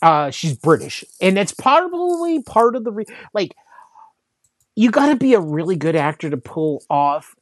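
A man's voice: high-pitched, sing-song, moderate pace, dry recording. Male co-host, loose rambling chat, filler-heavy delivery, dry room. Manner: rambling, lots of fillers and restarts. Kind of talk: casual chat.

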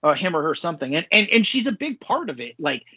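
Excitable man in a casual podcast chat. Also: a little high, fast talker, breathy edge, no room sound. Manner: animated, rambling, swears freely. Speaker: podcast co-host. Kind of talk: casual pop-culture chat. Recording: slightly dull lo-fi sound.

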